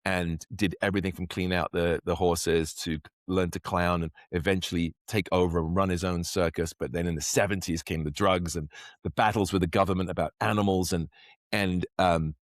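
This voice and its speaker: A man with an English accent, a podcast guest, chatting casually in a rambling, animated way. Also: low-pitched, a little fast, dry recording, studio quality. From England. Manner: rambling, animated storyteller who acts out quotes. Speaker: podcast guest, actor and magician. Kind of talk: casual interview chat.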